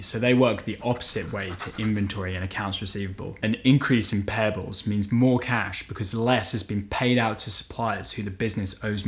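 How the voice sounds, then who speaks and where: A man hosting an educational channel, explaining accounting step by step in a clear, methodical scripted delivery. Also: lowish voice. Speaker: host of an accounting lesson channel.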